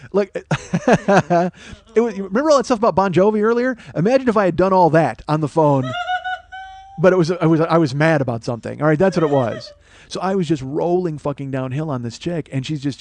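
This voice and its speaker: A man's voice: fairly high pitch, a little mellow, dry recording. A man in his forties, a comedian and host, telling a comic story with profane, worked-up ranting. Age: 40s.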